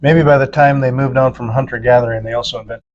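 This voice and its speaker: A man's voice: mid-range voice, steady tone, fast, highs cut off, slight background noise. A man in casual podcast chat, rambling with many fillers and acting out quoted dialogue in a raised voice. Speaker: podcast co-host.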